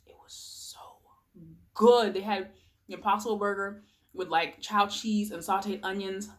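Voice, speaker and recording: A woman's voice: mid-range voice, steady tone, normal speed. A young woman chatting casually while eating on camera, rambling, giggling and murmuring as she tastes food. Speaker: vlogger. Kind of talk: casual mukbang chat.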